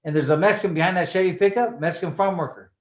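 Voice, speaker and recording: A man's voice: high voice, racing. A man in his sixties, a former boxing champion, telling stories in a casual interview and acting out the dialogue with slang. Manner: animated storyteller who acts out dialogue, with slang and swearing. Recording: roomy, slightly dull sound.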